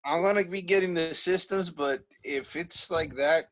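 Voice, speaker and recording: A man's voice: on the high side, moderate pace, fairly bright tone, dull audio. A man co-hosting a casual podcast chat, friendly and joking. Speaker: podcast co-host.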